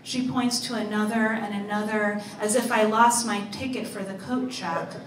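A woman author reading her own story aloud in a measured, deliberate way. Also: mid-range voice, fairly even intonation, slight background noise. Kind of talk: literary reading. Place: live reading event. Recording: roomy, distant mic, faint ambience.

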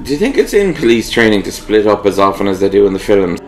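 A man's voice: lowish voice, sing-song, fast talker, soft background music. A man co-hosting a casual game playthrough, making sarcastic remarks and laughing often. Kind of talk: casual let's-play commentary.

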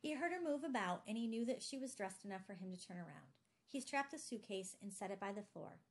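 Woman narrating a novel, measured. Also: mid-range voice, lively intonation. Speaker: audiobook narrator. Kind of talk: scripted narration.

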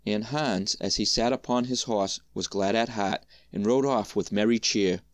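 A man reading a fairy tale aloud as storyteller, in a measured, even manner. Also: lowish voice, dry recording, clean studio sound.

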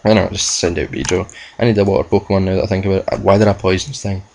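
A man's voice: deep voice, flat delivery, racing, gravelly, a little mellow, a little hiss or hum, poor audio. A young man giving rambling, self-mocking commentary over a video game playthrough, cursing at the game now and then. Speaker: gamer. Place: at home with a laptop.

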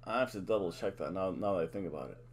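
A man's voice: deep voice, racing, slightly rough. A middle-aged man hosting a casual wrestling predictions vlog, playful and showy, with announcer-style catchphrases. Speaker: host.

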